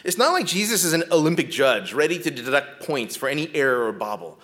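Soft-spoken male lecturer, conversational. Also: a little high, sing-song, quick pace. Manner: often checks in with a tag question "right?"; drops to a soft, gentle tone when describing compassion. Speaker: lecturer teaching biblical counseling.

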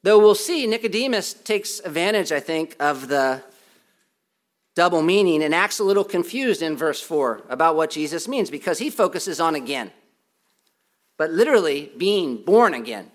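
A man's voice: a little high, expressive, normal speed. A man preaching a sermon as pastor, emphatic and repetitive, with self-deprecating humor. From United States.

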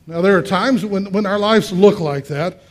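A male pastor preaching a conversational sermon, asking the congregation questions and swinging between quiet and loud. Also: high voice, moderate pace. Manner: acts out voices in quotes, swings from quiet to loud.

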